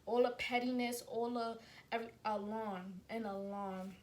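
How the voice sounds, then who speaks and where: A young woman in her twenties tells a story straight to her camera, acting out each scene as she goes. Her voice sits a little high and talks right at the viewer. A faint hiss lies under the indoor camera sound. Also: normal speed. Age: 20s. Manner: animated, acts out scenes, addresses viewers directly. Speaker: vlogger. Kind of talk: storytime vlog. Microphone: camera mic.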